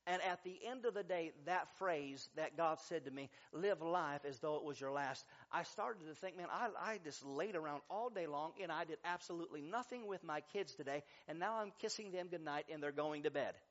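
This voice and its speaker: A man's voice: a little high, moderate pace, few pauses, fairly bright tone, lo-fi sound. A middle-aged male pastor preaching a sermon, emphatic and repetitive, a little stuffy from sinus trouble. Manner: preachy, emphatic, repeats key lines.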